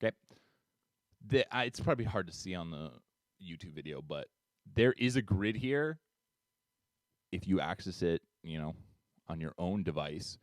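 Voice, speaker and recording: Upbeat man with a low voice. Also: animated, moderate pace, pauses often. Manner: upbeat, talky, counts beats aloud. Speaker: music teacher. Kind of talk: screen-share tutorial.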